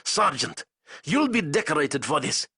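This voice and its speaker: A cruel, ambitious Soviet colonel, put on by a male reader for an audiobook. He yells his orders high and hard, and his voice stays rough and husky. The sound is dry and close. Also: sing-song, measured pace, no room sound, full character voice. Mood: rattled. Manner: barking, shouted commands.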